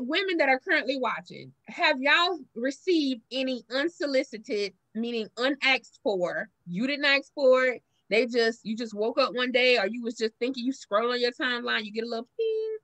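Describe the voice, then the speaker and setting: A woman's voice: high-pitched, moderate pace. A woman with a Southern US accent co-hosting a podcast, telling stories in casual chat and acting out the lines she quotes. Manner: animated storytelling, acts out quoted lines. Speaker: podcast co-host.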